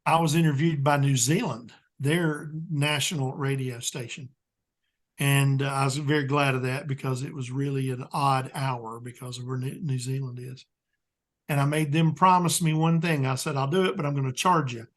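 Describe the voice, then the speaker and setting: A man's voice: mid-range voice, fairly even intonation, normal speed. A man with a Southern US accent, chatting as a guest expert in an interview, plain-spoken and rambling with lots of "um"s. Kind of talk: casual interview chat.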